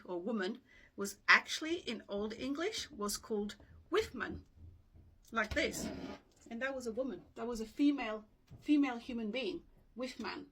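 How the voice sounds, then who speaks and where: Slight background noise sits under a woman's sharp, mid-range voice as she patiently teaches dictionary pronunciation in a casual video, checking in with "okay?" No microphone is used; room sound is audible and she sometimes sounds far from the camera.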